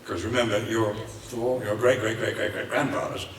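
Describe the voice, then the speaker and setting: A man's voice: on the low side, steady tone, normal speed, echoey room, recorded from a distance, slight background noise. An older man with an Irish accent, telling rambling, theatrical anecdotes as a guest on a convention panel. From Ireland. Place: large convention hall.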